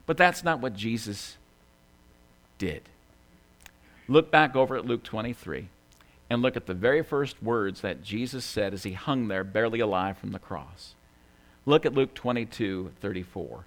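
A man preaching a sermon, swinging between hushed, quiet lines and loud, emphatic ones, repeating key phrases for emphasis. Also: fairly low pitch, big pitch swings, normal speed. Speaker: pastor.

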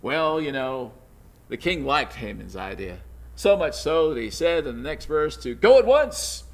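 A man's voice: on the high side, big pitch swings, unhurried. A man teaching from the Bible, retelling the story in a conversational way with informal asides and chuckles.

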